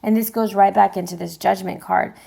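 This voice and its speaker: A woman's voice: mid-range voice, steady tone, a little fast, creaky, dark tone. A woman giving a casual tarot reading, chatting straight to her viewers with loose fillers. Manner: chatty, addresses viewers directly, frequent fillers and laughs. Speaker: tarot reader.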